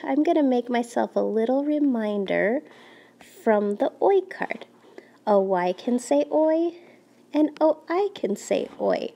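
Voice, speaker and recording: A woman teacher leading young children through a phonics lesson from home, sounding out words slowly and clearly with encouragement. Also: a little high, warm tone.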